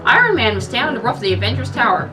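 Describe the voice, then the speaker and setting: A woman's voice: on the high side, very animated, racing, distant mic, over music. A woman reading fan fiction aloud for laughs, with wry, mocking asides.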